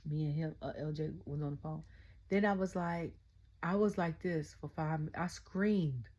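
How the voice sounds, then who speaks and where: A middle-aged woman casually recapping a wrestling event, excitable and chatty, constantly retelling her own reactions. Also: sits low, moderate pace, dull audio. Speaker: wrestling show reviewer. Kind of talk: casual rant-style recap.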